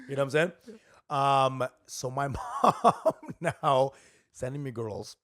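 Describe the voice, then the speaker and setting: Un uomo, co-conduttore di un podcast comico, che chiacchiera in modo rilassato e volgare e ogni tanto imita altre voci. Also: male voice, mid-range voice, fairly bright tone. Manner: loose, crude and joking, slips into quick impressions. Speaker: podcast co-host, comedian. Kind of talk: casual comedic banter. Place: podcast studio in New York.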